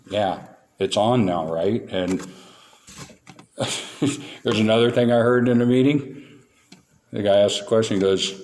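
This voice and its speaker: A man's voice: fairly low pitch, moderate pace, a little mellow. A man speaking at a recovery meeting, telling his story candidly and with self-mocking humor.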